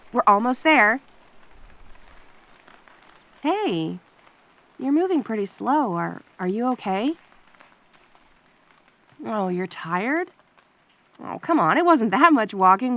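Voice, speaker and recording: A young woman voicing a playful, protective female kitsune friend in an audio role-play, teasing and cheerful with a soft, reassuring side. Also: medium pitch, natural voice.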